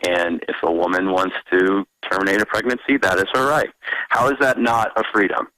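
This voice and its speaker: A man's voice: low voice, steady tone, brisk, pushed and bright, dry recording, low-quality recording. A man calling in to a radio show, hesitant and politely disagreeing with the host. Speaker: caller. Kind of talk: phone-in radio call.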